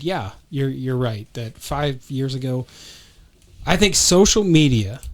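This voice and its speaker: A man hosting a podcast, asking questions and recounting things in casual chat. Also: medium pitch. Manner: leads the questions, recounts videos. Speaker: podcast host.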